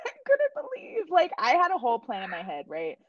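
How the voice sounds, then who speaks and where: A woman in casual chat, telling a story with animated energy, swearing and laughing often. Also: fairly high pitch, fairly quick, no echo, dull audio.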